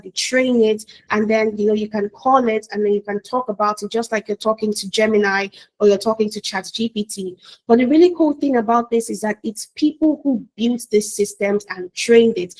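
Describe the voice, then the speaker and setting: A woman's voice: on the high side, poor audio. A woman giving an enthusiastic promotional talk, speaking directly to the viewer with frequent fillers. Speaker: presenter for a training company.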